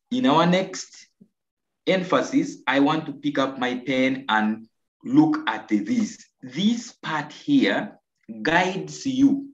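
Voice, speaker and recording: A Ugandan man with a mid-range voice gives an online English lesson, speaking slowly and coaxingly, repeating answers and praising his students. The video-call audio is roomy, dull, and lo-fi.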